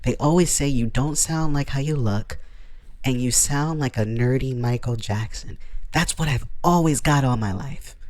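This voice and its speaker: A man's voice: mid-range voice, normal speed, darkish tone, dry recording. A man making a reaction video, commenting in a boastful, mock-serious, sarcastic way. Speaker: YouTuber.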